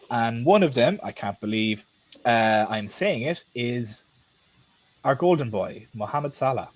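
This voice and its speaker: Male stream host, mid-pitched, blunt casual chat with the odd swear word. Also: animated, a little slow.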